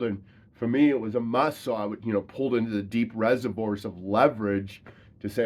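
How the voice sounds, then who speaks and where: A man's voice: on the low side, moderate pace, darkish tone. A man giving a motivational talk as a trainer, emphatic and repetitive, with casual slang.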